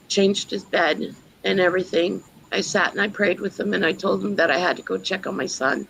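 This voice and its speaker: A woman, a mother, giving a personal testimony in an earnest, storytelling way with many pauses. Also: fairly low pitch, gravelly, a bit bright, husky, rough recording. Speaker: guest mother.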